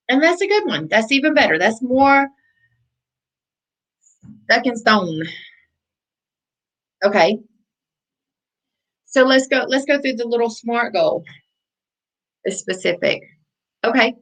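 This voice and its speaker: A woman's voice: a little high, lively intonation, unhurried, pauses often, a bit bright, poor audio. Woman life coach, repetitive conversational delivery. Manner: conversational, repeats phrases for emphasis. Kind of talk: motivational coaching talk.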